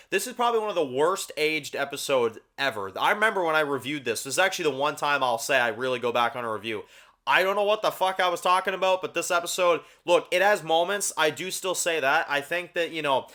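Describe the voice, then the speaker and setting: A man hosting a casual TV review channel, tearing into episodes with blunt, exasperated swearing. His voice sits a little high for a man and sounds bright and sharp, and he repeats words to hammer his points home. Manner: frequent fillers, repeats words for emphasis. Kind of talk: casual ranked-review rant.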